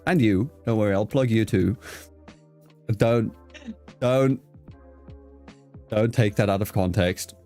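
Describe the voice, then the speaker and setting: A man's voice: on the low side, takes it slowly, long pauses, warm tone, faint music behind. A man hosting a casual interview, laughing often, swearing loosely and restarting his sentences. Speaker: host.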